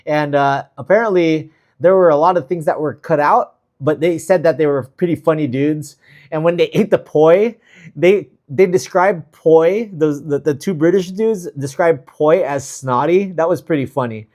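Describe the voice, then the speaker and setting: A man's voice: fairly high pitch, moderate pace. A man hosting a travel livestream, chatting casually and reading viewer comments with an easygoing, filler-filled manner. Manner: easygoing, chatty, many fillers, gives shout-outs.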